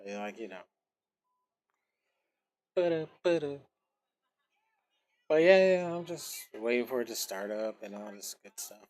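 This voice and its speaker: Lowish and a little mellow, this streamer's voice is animated and brisk, with few pauses. He chats casually with his viewers as he plays, rambling, sometimes swearing, and humming scat noises.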